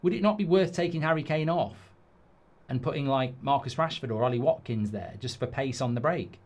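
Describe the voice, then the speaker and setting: A man's voice: medium pitch, fairly quick. Exasperated man ranting at a football match. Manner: exasperated, swearing, ranting at the game; reads viewer comments aloud. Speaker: host of a football watchalong. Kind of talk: live match reaction chat.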